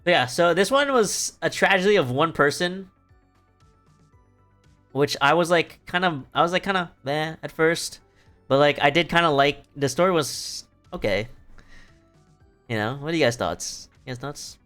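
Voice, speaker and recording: A man's voice: fairly high pitch, lively intonation, moderate pace, long pauses, a bit bright. A young man streaming, casually retelling a play in a rambling, profane way, laughing often. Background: faint music.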